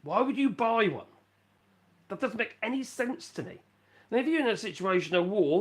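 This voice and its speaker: A man's voice: sits high, very animated, moderate pace. Rambling Norfolk man chatting live. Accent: Norfolk English. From England (Norfolk). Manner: rambling, chatty, self-mocking, reads chat aloud. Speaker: live-stream host. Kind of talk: casual live-stream chat. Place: rural home in France.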